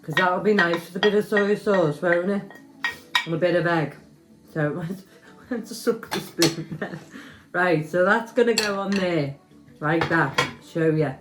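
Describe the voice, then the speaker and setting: A woman's voice: fairly low pitch, unhurried, over music. A woman, chatting casually and poking fun at herself while she cooks in her home kitchen for a vlog. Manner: chatty, self-mocking, talks to viewers while cooking. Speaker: home cooking vlogger. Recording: echoey kitchen with clattering pans.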